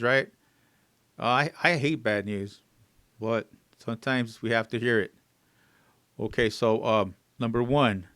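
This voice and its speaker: A male English teacher drills everyday phrases, saying them again and again, stretched word by word. His voice is smooth and clear, and the recording is dry and close to the mic, with no room sound. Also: medium pitch, dry recording. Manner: repeats phrases slowly, word by word, with rising emphasis; fillers and gentle asides to viewers.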